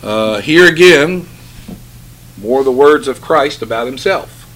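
A man preaching a sermon, reading scripture slowly and solemnly, then explaining it with emphatic swells in his voice. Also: medium pitch, lively intonation, a bit bright, a little hiss or hum.

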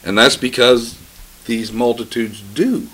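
A man preaching a sermon, reading scripture slowly and solemnly, then explaining it with emphatic swells in his voice. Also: medium pitch, sharp tone, slight background noise.

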